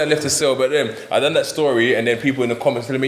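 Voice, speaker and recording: A man telling prison stories in a casual podcast chat, acting out other people's lines as he goes. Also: mid-range voice. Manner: fast storytelling, acts out quoted voices, laughs while telling. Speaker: podcast guest.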